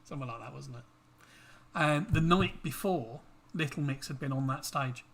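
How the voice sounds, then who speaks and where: A man's voice: mid-range voice, moderate pace, a bit bright. Man reading quiz questions with jokey asides. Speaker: quiz host. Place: home livestream.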